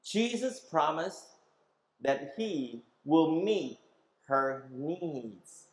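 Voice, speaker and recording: A man's voice: a little high, lively intonation, very slow, reverberant, low-quality recording. A man preaching a sermon as pastor, emphatic, asking the congregation questions and having them repeat words after him.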